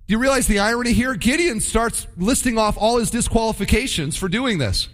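A male pastor delivering a sermon with emphatic, animated storytelling. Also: sits high, brisk, few pauses.

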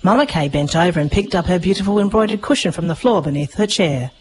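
A woman narrating a children's story with lively expression. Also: lowish voice, fast, noisy background. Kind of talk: storybook reading.

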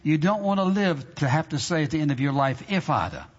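A man's voice: fairly high pitch, brisk. Emphatic male preacher in a reverberant hall. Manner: emphatic, conversational preaching with repetition and audience prompts. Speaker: pastor. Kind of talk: sermon. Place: church sanctuary. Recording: dull reverberant hall recording.

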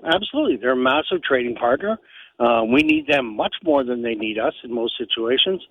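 A man's voice: medium pitch, animated, fairly quick, slightly rough, no room sound. A man calling in to a radio show from Canada, giving blunt, matter-of-fact opinions over a phone line. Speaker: caller.

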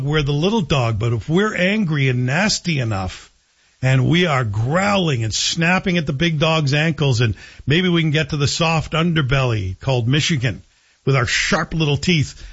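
A man hosting a radio talk show, giving animated, sarcastic opinion commentary. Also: a little high, slightly rough. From Canada. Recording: dull lo-fi broadcast audio.

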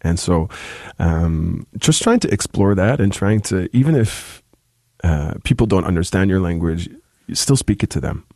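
A young man with a very deep, gravelly voice talks thoughtfully as an interview guest. He pauses often and restarts his sentences. His tone is dark and mellow, and the recording is dry and close. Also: lively intonation, no room sound. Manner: thoughtful, halting, many restarts. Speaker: musician guest. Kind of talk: casual interview talk.

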